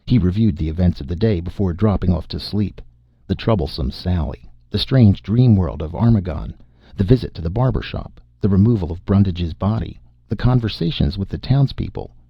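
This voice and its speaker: A man narrates a horror story in a very deep, gravelly voice with a husky edge. The recording is dull and dry, like a simple home setup. He reads steadily and shapes each scene with care. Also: no echo. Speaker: audiobook narrator. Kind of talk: scripted narration.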